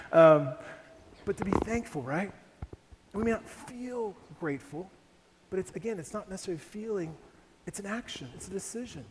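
A man's voice: on the high side, a little mellow, slight background noise. A young man from Ohio preaching a sermon, telling a family story with frequent rhetorical questions to the congregation. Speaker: pastor. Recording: long reverb of a large hall, faint ambience.

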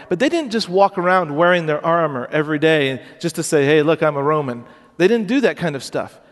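A man's voice: high-pitched, long reverb tail. A man preaching a sermon as pastor, earnest and urgent, asking the congregation questions.

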